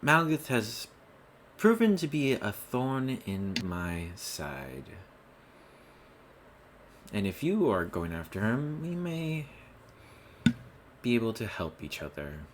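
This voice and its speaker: A man's voice: medium pitch, very animated, a little hiss or hum, pitched above the performer's own voice. A man putting on a haughty elven queen. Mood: imperious. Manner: haughty, measured. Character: imperious elven noblewoman, cold and commanding.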